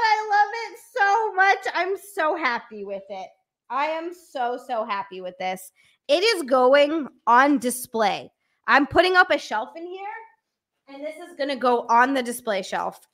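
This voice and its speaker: A young adult woman chatting on a live stream from a room at home, excitable and chatty, thanking viewers by name and bursting into squeals. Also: extremely high pitch, a little slow. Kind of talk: casual live-stream chat.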